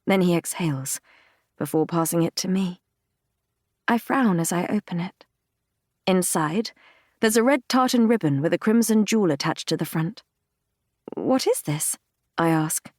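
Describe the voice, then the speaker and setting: A woman narrating a fantasy romance audiobook in the first person, reading in a measured, intimate, unhurried way. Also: on the low side, animated, darkish tone, dry recording, clean studio sound. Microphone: close studio mic, dry.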